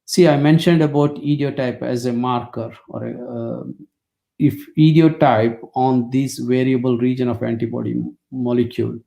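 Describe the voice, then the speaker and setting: A man's voice: mid-range voice, steady tone, moderate pace, vocal fry, warm tone. A middle-aged man, telling anecdotes in a lecture with wry asides and frequent fillers. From India. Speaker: immunology lecturer. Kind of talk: storytelling webinar lecture.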